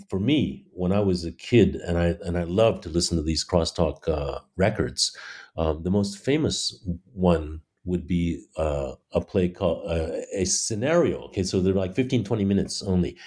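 A man from China with a very low voice talks as a guest in an interview. His tone is mellow and warm, and he tells lively stories, slipping into the voices of the people he describes. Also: moderate pace. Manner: animated storyteller, acts out quoted voices. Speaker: playwright guest. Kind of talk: conversational interview.

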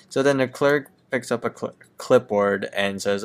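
A man with a lowish, smooth and resonant voice co-hosts a casual podcast. He talks through cartoon scenes in a relaxed, slightly hesitant way and makes light fun of himself. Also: normal speed, few pauses. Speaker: podcast co-host. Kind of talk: casual chat recapping a cartoon episode.

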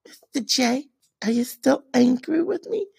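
A man voicing a clingy young cartoon henchwoman in a squeaky, whiny falsetto. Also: animated, a little slow, vocal fry, a little mellow, breathy edge, no room sound, clean studio sound, exaggerated voice.

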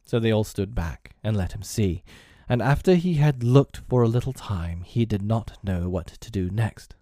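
A man reading a children's classic aloud as narrator, with gentle, expressive storytelling. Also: fairly low pitch, moderate pace, no room sound, studio quality. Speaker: audiobook reader.

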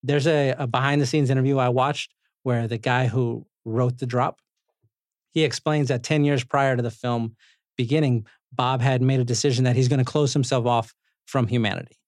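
A man hosting a podcast, recapping movie scenes in a lively, joking way, with casual swearing. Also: mid-range voice, normal speed, dry recording, studio quality. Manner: animated storyteller, swears, laughs often. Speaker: podcast host.

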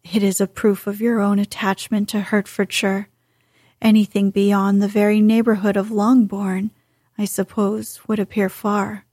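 A woman reading the lines of a reserved, proud young gentleman in a formal, measured way, in an audiobook. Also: mid-range voice, little pitch movement, no echo, clean studio sound, natural voice.

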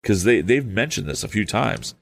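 A man's voice: fairly low pitch, moderate pace, gravelly. A man reading an old novel aloud, stopping for hesitant, apologetic asides. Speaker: audiobook reader.

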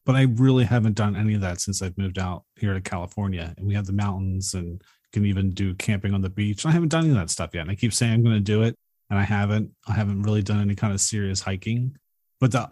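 A man's voice: on the low side, fast, darkish tone. A man from Florida co-hosting a podcast, telling stories in an easygoing, reflective way. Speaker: podcast co-host. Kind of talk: casual chat.

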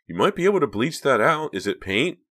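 A man's voice: medium pitch, big pitch swings, brisk, a bit bright, no room sound, studio quality, voice pushed up. A man voicing a polite, matter-of-fact woman secretary in an audiobook.

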